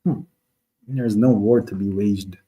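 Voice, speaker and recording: A man hosting a live online religious talk speaks at a measured pace in a fairly low, dark, husky voice with a steady tone. He trades mocking arguments with viewers in the chat, talking directly to them and breaking into Arabic verses.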